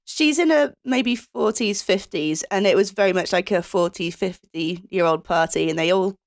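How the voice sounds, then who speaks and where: A woman's voice: mid-range voice, normal speed, gravelly. A woman co-hosting a podcast, telling a story in a dry, anecdotal way. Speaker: podcast co-host. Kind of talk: casual podcast chat.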